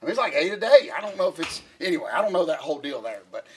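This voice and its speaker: Man, podcast co-host, high pitch, winded, rambling and folksy. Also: big pitch swings, very fast, a little hiss or hum. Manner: rambling folksy storytelling, calls partner "boy". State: out of breath. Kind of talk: casual chat.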